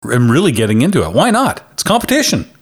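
Lively, teasing Canadian man co-hosting. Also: mid-range voice, quick pace, breathy edge. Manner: teasing, jokey, laughs often. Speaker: podcast co-host. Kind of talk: casual podcast banter.

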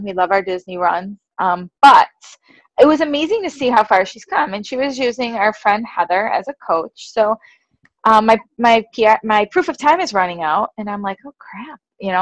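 A woman co-hosting a casual podcast, talking in a chatty, storytelling way and often acting out her own reactions. Her voice sits at a middle pitch. It is recorded close and dry, with no room sound. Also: dry recording, rough recording. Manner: chatty, laughs often, quotes herself. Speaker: podcast co-host. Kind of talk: casual chat.

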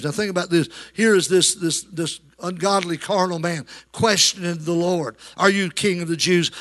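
A man's voice: high-pitched, a bit bright. A male pastor preaching a sermon, calling out to the congregation for amens as he goes. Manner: preaching with call-and-response to the congregation. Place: church.

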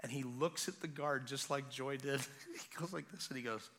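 A man preaching a revival sermon as guest preacher, retelling a scene in an animated way with casual asides. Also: mid-range voice, moderate pace. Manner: animated storytelling, acting out scenes; conversational asides.

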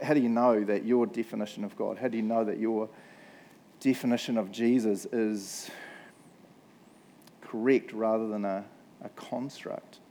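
A man's voice: mid-range voice, warm tone. Chatty New Zealand pastor, middle-aged man. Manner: chatty, humorous, keeps tagging "right?". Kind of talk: casual sermon storytelling.

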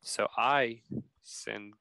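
A man's voice: medium pitch, drawn-out words, gravelly, no room sound, low-quality recording. A man hosting a podcast, telling a story casually and acting out the quoted text messages. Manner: animated, acts out quoted texts. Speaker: podcast host.

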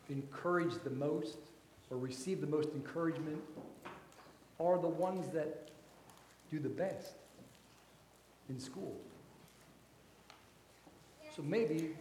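A man preaching a sermon as pastor, slow and deliberate, his voice rising for emphasis and then dropping soft. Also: a little high, echoey room, slight background noise.

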